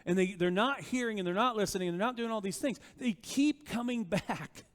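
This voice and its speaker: A male pastor preaching a sermon in a conversational, animated way, often asking rhetorical questions of the congregation. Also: high-pitched, brisk, big-room sound.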